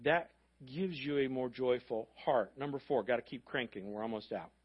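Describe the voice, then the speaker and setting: A man preaching a sermon in a church, in a conversational style with quick asides and repeated phrases. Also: medium pitch, husky. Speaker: pastor. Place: church sanctuary. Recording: dull lo-fi sound.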